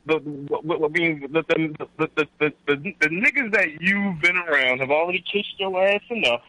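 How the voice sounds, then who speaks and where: A man's voice: on the high side, bright, forceful tone, dry recording, poor audio. Rambling, stop-start male caller. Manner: rambling, halting, lots of restarts. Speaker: caller and fellow show host. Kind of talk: call-in talk radio.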